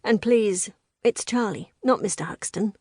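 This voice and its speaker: A woman reading the part of a young male investigator who speaks calmly and reassuringly. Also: medium pitch, a little slow, slightly rough, no room sound, clean studio sound. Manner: calm, reassuring.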